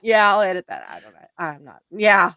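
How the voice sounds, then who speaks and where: A woman's voice: lowish voice, huge pitch swings, brisk, gravelly, sharp tone. A woman with a Southern accent hosting a casual livestream, chatting and reading viewer comments aloud with frequent laughter. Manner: giggly, chatty, laughs often. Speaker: livestream host.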